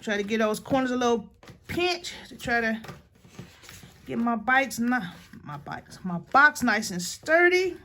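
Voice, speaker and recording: A woman with a somewhat high voice talks through a crafting tutorial in a loose, joking way. She chats straight to her viewers and brags playfully about her technique. A faint hiss of noise sits under her voice. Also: lively intonation, unhurried, pushed and bright. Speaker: papercraft video host.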